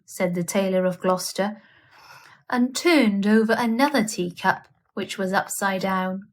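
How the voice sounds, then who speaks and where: Slow, gentle woman reading a bedtime story. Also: medium pitch. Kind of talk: children's bedtime story read-aloud.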